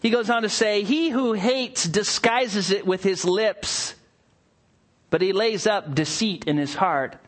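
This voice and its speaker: A male pastor preaching a sermon. He swings between hushed asides and excited bursts, and acts out little scenes with playful voices. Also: sits high, unhurried.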